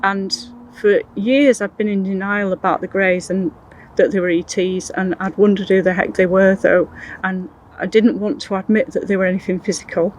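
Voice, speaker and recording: An older woman recounting her personal experiences in an interview, in an earnest, halting way with many restarts. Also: medium pitch, little pitch movement, a little mellow, slight background noise, rough recording. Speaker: interview guest.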